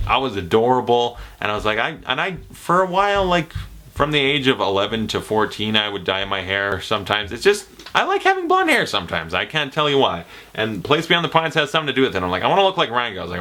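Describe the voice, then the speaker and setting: A young man from Canada answering viewer questions in a casual vlog, joking and slipping into movie-quote impressions. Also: lowish voice. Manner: animated, jokey, slips into movie-quote impressions.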